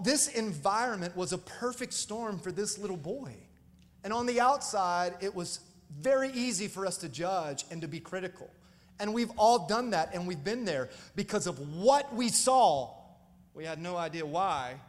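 A male pastor telling stories in a sermon, animated and calling out to the congregation. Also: high-pitched, normal speed, long reverb tail. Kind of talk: storytelling sermon.

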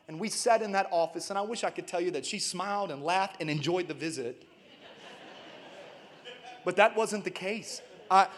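A man's voice: sits high, fairly bright tone. A male pastor delivering a sermon, moving from a tender personal story to a passionate call to the congregation. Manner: preaching with rising intensity, calling out to the congregation. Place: church.

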